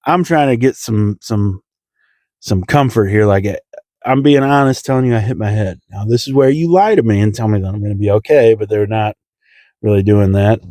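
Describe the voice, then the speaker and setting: A young man tells a comic story at his own expense, voicing the others with sudden squeaky jumps. His tone is mellow and relaxed, and the recording is dry and close. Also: normal speed, no echo. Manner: self-deprecating, acts out voices with big pitch jumps. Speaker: comedian telling a story. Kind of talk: comedic storytelling.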